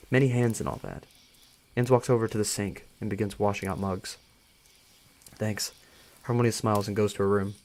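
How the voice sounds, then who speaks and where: A man's voice: on the low side, darkish tone. A young man with a dry throat reading a story aloud on a live stream, chatty and joking between passages. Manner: casual, joking, chatty asides.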